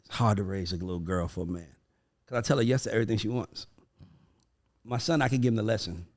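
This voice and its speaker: A man hosting a casual podcast chat, telling animated, profane stories and acting out his kids' voices. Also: lowish voice, fast. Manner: profane, emphatic. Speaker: podcast host.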